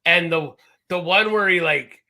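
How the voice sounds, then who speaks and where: A man co-hosting a podcast in casual chat, animated and laughing often, slipping into quoted voices. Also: fairly high pitch, unhurried. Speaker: podcast co-host.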